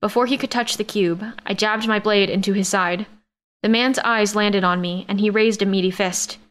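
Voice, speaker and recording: A woman's voice: medium pitch, fairly even intonation, normal speed, fairly bright tone, smooth. Woman reading a sci-fi romance audiobook. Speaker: audiobook narrator. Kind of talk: scripted first-person narration.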